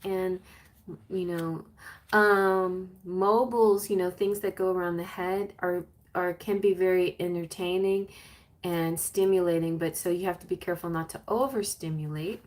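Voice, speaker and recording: A woman giving a gentle, soothing live-stream tarot reading. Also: lowish voice, steady tone, a little slow. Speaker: tarot reader.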